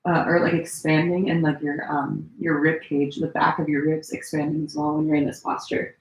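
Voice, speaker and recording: A woman teaching a gentle yoga class, giving relaxed, chatty cues with many fillers while she demonstrates the poses, a little strained as she holds them. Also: low voice, normal speed. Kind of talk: live-streamed yoga class instruction. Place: room at home. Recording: echoey room.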